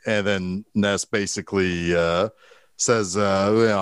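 A man's voice: low-pitched, fairly even intonation, measured pace, smooth, no room sound, studio quality. A man co-hosting a casual movie talk, retelling scenes with energy, quoting lines in voices and laughing. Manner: swears casually. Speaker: podcast co-host.

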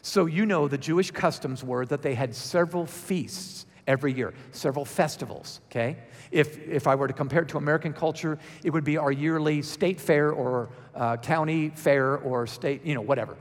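A man preaching a sermon with a somewhat higher voice that carries a long reverberant tail. He teaches in a conversational way and then pushes into emphatic, raised passages. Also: moderate pace.

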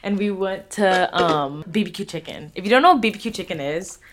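A young woman co-hosting a podcast, telling a story in casual chat, animated and laughing as she talks. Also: fairly low pitch, a little fast, crowd noise. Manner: giggly, animated, swearing, laughs through the story. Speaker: podcast co-host.

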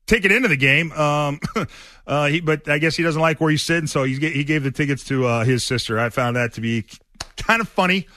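A man's voice: fairly high pitch, brisk, sharp tone, no room sound, studio quality. A man hosting a sports radio show, telling stories in a loose, rambling way with many fillers and restarts. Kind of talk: casual sports talk storytelling.

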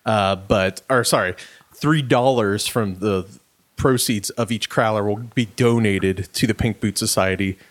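A middle-aged man chats loosely as a podcast co-host. His voice sits a little low, and he rambles with plenty of fillers and restarts. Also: unhurried. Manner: rambling, many fillers and restarts, laughs easily. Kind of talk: casual chat.

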